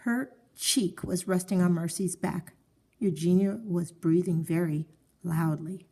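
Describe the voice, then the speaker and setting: A woman calmly narrating a children's story, reading it aloud. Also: lowish voice, unhurried, slightly rough.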